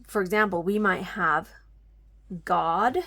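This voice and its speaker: A woman's voice: fairly low pitch, fairly even intonation, takes it slowly, sharp tone. A woman teaching a grammar lesson at home, patiently explaining step by step and often checking that listeners follow.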